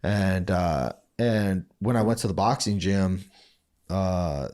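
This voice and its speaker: A man's voice: sits low, takes it slowly, darkish tone. A man from Saint Paul, Minnesota, telling his story as a podcast guest in a loose, profane way, laughing often and acting out other people's lines. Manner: profane, laughing, acts out quoted voices. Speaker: guest, former fighter.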